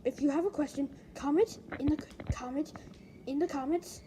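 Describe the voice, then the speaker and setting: A woman's voice: high-pitched, normal speed, noisy background. A woman chatting casually while filming a puppy, rambling and restarting her sentences, sometimes trailing off into whispers. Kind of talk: casual home video chat.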